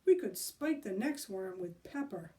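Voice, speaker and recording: A woman voicing an excitable scheming young boy who acts out sneezes as he plots. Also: medium pitch, a little slow, far from the mic, close to an everyday voice.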